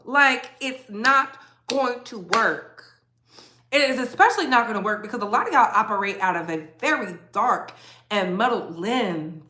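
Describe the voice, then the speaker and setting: A woman's voice: high voice, pushed and bright. A woman hosting a gossip commentary vlog, blunt, emphatic and sassy in her opinions.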